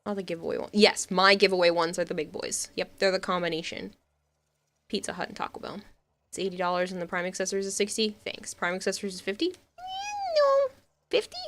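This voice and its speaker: A woman's voice: medium pitch, big pitch swings, brisk, fairly bright tone, slight background noise. A woman streamer in casual live-stream chat, rambling and laughing often while she answers chat. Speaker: game streamer.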